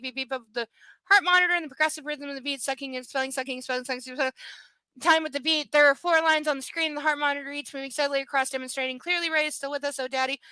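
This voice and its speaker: A woman's voice: high voice, sharp tone, dry recording. A woman streaming a live book reading, breaking off into sarcastic, profane commentary. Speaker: livestream reader.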